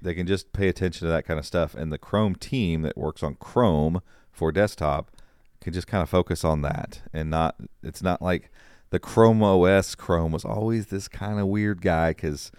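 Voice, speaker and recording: A man co-hosting a casual tech podcast, rambling and animated, full of restarts. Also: sits low, normal speed, hardly any pauses, clean tone, no room sound, studio quality. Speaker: podcast co-host.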